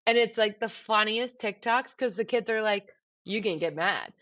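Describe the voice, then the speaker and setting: A woman co-hosting a podcast in casual chat, animated and laughing often, swearing freely. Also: medium pitch, moderate pace, muffled recording. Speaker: podcast co-host.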